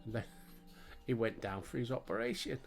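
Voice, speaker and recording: A man's voice: medium pitch, big pitch swings, normal speed, gravelly, faint music behind. A man in his sixties with a Yorkshire accent, chatting casually and telling rambling stories while he plays a game, laughing often. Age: 60s. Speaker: gaming video host. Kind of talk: casual chat and storytelling while playing.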